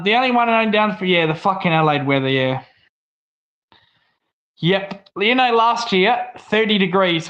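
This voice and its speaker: A man's voice: high voice, a bit bright, lo-fi sound. A young Australian man co-hosting a livestream, chatting casually and ranting with lots of swearing. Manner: swears a lot, rants. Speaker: livestream co-host. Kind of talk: casual stream chat.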